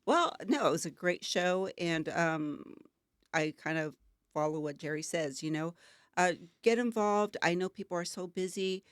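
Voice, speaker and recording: A woman's voice: lowish voice, clean tone, no echo, studio quality. An older woman co-hosting a talk show, talking in an earnest, emotional and rambling way with many fillers. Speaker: co-host. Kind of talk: casual talk-show chat.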